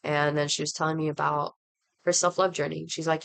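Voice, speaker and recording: Low gravelly woman rambling a storytime with a stuffy cold, lots of um and like. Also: little pitch movement, fairly quick, fairly bright tone. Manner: rambling, heartfelt, lots of fillers; talks while doing her makeup. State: congested from a cold. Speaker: vlogger. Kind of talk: casual storytime chat.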